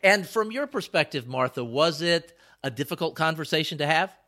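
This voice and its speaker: A man hosts a podcast in easy, casual conversation. His voice sits a little high and rings bright and forward. He talks emphatically and breaks into laughter easily. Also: expressive, normal speed. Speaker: podcast host.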